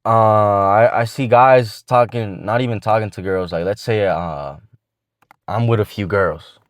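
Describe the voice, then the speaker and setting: A man's voice: on the low side, a little slow, no room sound, studio quality. A man giving casual dating advice to the camera, talking in slang and swearing freely as he rambles along with restarts.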